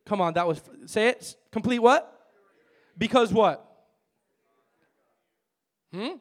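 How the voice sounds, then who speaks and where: High-voiced man preaching. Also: slow. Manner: emphatic call-and-response preaching with lively storytelling. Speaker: pastor. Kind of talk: sermon. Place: church with a worship team.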